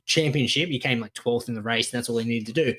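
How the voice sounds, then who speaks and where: Rambling bloke telling stories. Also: male voice, medium pitch, fast talker, fairly bright tone. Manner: rambling, swears, tells stories with fillers. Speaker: podcast co-host. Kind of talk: casual chat.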